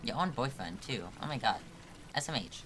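Bright-voiced playful male streamer. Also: medium pitch, expressive, moderate pace, a little hiss or hum. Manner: playful, teasing, mock-dramatic complaining. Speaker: game streamer. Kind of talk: casual live-stream chat.

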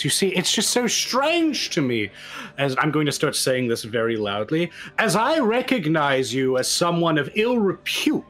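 A man's voice: high voice, fairly bright tone. A man playing a tabletop game, speaking in character in a pompous, accusing way. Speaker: player. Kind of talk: in-character roleplay. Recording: faint music behind.

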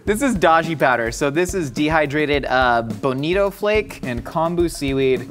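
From a studio kitchen, a young man with a mid-range, slightly bright voice runs a cooking show. He's from Orange County, California, speaks with a Southern Californian accent, and keeps things goofy and rambling, mocking himself and laughing at his own puns.

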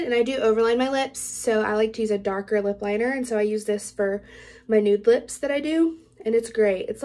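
Young woman, slightly high voice, casual gushing beauty vlogger, heavy on filler words. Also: darkish tone. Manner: bubbly, gushing, many "like" fillers. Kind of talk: casual product review. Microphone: camera mic.

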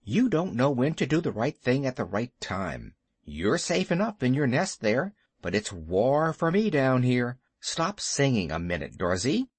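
A man voicing a brave young male mongoose who talks in a sharp, urgent, scolding way. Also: medium pitch, big pitch swings, unhurried, slightly rough, no echo.

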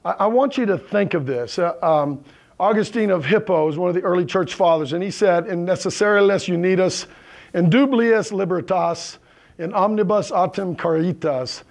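A male pastor delivers a conversational sermon from the pulpit. His voice sits high for a man and has a gravelly, crackly texture, and he keeps pausing to check in with his listeners. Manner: checks in with the congregation, asking "right?" and "okay?". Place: church sanctuary with congregation.

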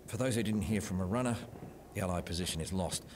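An actor playing a grave army officer reading out retreat orders in video game dialogue. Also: male voice, sits low, quick pace, darkish tone, a little hiss or hum, close to an everyday voice.

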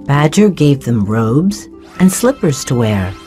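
A narrator reading a children's storybook in a slow, clear, expressive way. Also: medium pitch, soft background music.

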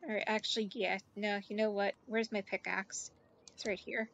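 A woman giving chatty let's play commentary, talking to game characters and gushing excitedly. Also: medium pitch, normal speed, creaky. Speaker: gaming YouTuber.

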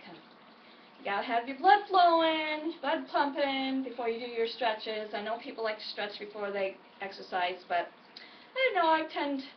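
A cheerful woman chats in a high, bright-toned voice, encouraging viewers like a friend. She is recorded at home in an echoey room, a little away from the mic. The sound is somewhat dull and muffled. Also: expressive, moderate pace, far from the mic, a little hiss or hum. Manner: upbeat, chatty, encouraging. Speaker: weight-loss vlogger. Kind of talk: casual chatty vlog.

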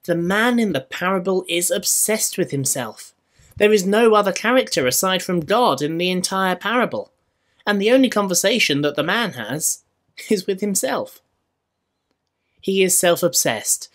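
A man with a Scottish accent preaching a sermon in church, measured and rhetorical, with dry humour. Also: high voice, lively intonation, fairly bright tone. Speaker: minister.

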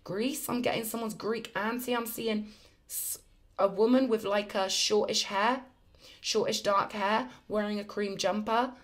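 A woman's voice: medium pitch, steady tone, unhurried. A woman giving an effusive, emphatic spiritual tarot reading in a chatty way to her viewers. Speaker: tarot reader.

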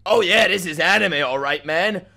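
This reaction-video host has a high, creaky voice that sounds pushed and bright, moving at a moderate pace. Watching for the first time, he's profane and incredulous, cracking up now and then while the clip's music hums faintly behind him.

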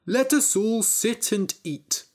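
A woman's voice: on the high side, slow, darkish tone, pitched above the performer's own voice. A woman reading a storybook aloud, voicing a gullible, friendly farmer with a hearty, trusting manner.

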